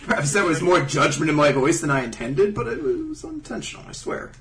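A man's voice: fairly high pitch, wildly swooping pitch, a little fast, fairly bright tone, a little hiss or hum. A man co-hosting a casual comedic podcast, telling stories with a dry, wry touch. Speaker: podcast co-host.

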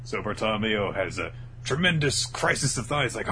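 Speaking a little fast in a lowish voice, this man recaps anime episodes on a casual podcast as co-host, animatedly performing the characters' lines in raised voices. There's a bit of hiss or hum.

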